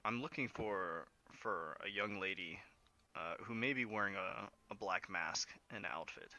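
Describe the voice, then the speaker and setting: A man voicing a worried male town guard who speaks in a grave, formal, hushed way. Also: deep voice, measured pace, dull audio, pitched below the performer's own voice, heavily acted. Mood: grave, concerned.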